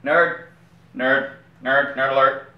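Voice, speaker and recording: A man voicing a hyper, gleeful miner who hunts nerds and yells catchphrases, for an animated web series. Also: mid-range voice, slow pace, recorded from a distance, muffled recording, very noisy, close to an everyday voice. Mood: shouting. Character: hyper male nerd-hunting miner, gleeful and shouty. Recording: roomy echo, mic set back.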